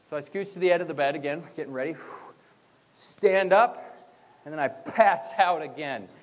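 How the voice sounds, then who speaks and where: A young man giving a motivational graduation speech, energetic and leading the crowd in chants. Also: on the high side, normal speed. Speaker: motivational speaker. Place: school gym or auditorium. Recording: long hall reverb.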